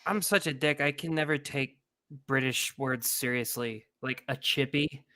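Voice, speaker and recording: A man in a casual podcast chat, jokey and quick to laugh at himself. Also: medium pitch, pushed and bright.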